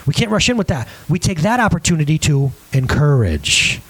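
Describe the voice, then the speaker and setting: A man delivers a lively sermon to a live audience. His voice sits high and swings widely as he acts out everyday moments and keeps turning to the listeners with quick questions. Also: breathy edge. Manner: animated, acts out scenes in different voices; chatty, asks the crowd questions.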